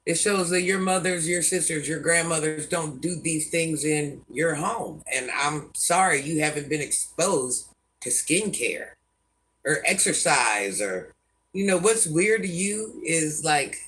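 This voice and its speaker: A woman's voice: sits low, animated, slow, a bit bright. An older woman hosting a casual livestream, answering viewer comments bluntly and sassily, often talking about herself in the third person. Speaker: livestream host.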